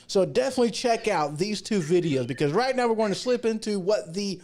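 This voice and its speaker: A man hosts a casual livestream talk show in a slightly high voice. He talks in a chatty, folksy way and rambles off into asides and jokes. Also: expressive, a little fast, a little mellow. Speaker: show host.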